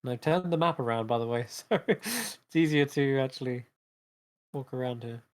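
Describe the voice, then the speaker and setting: A man's voice: mid-range voice, lively intonation, normal speed. A man narrating a tabletop game as game master in a casual, rambling way.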